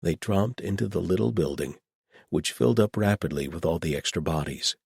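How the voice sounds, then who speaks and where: A very low, husky male voice reads a fantasy audiobook in an even, measured manner. The recording is close and completely dry, with no room sound. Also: no echo. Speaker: audiobook narrator. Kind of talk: scripted audiobook narration.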